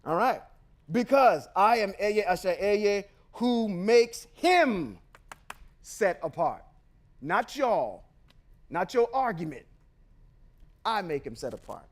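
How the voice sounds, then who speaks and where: A man's voice: high voice, big pitch swings, slow pace, long pauses. A man hosting a podcast, reading scripture aloud and breaking into emphatic, confrontational commentary with slangy asides. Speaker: podcast host.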